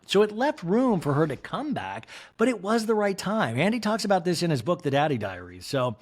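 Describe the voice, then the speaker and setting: A man's voice: fairly high pitch, sing-song, normal speed, few pauses. A man hosting a podcast, recapping reality TV in a campy, theatrical way and mimicking the cast. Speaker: podcast host.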